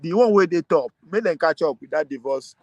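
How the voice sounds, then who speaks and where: High-voiced animated Nigerian man. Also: a little fast, dry recording. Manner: animated, laughing, mixing Pidgin and English. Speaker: political commentator. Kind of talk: casual political talk.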